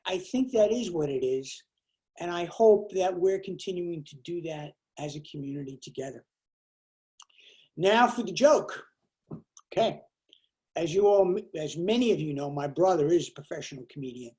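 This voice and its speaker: A woman's voice: lowish voice, animated, moderate pace, warm tone, low-quality recording. A woman giving a lay sermon to her congregation, talking plainly and conversationally with small hesitations and restarts. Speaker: lay worship leader. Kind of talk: lay sermon with a told joke.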